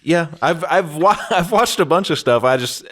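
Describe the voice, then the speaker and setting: A man's voice: a little high, expressive, moderate pace, fairly bright tone. A man co-hosting a casual comedy podcast, laughing often and joking around. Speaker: podcast co-host.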